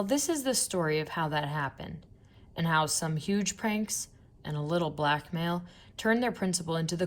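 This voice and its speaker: Woman reading a kids' chapter book aloud, playful and lively, lowish voice. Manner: playful, expressive storytelling. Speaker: narrator. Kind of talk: children's audiobook reading.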